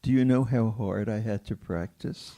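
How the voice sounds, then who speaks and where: An older man, a pianist, telling stories at a film Q&A in a theater, chuckling and acting out quoted voices. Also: lowish voice. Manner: slow, warm storytelling with laughter and quoted voices. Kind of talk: storytelling at a film Q&A.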